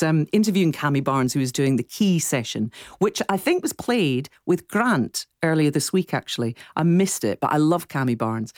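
Female presenter, effusive, low and animated voice, dry close mic. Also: no echo. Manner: bubbly and effusive. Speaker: radio presenter. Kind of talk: casual radio chat. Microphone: studio microphone.

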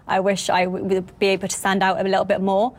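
A woman's voice: mid-range voice, completely flat delivery, fast talker. A young woman with a Welsh accent speaking frankly and directly in an interview. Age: young adult. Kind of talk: candid interview.

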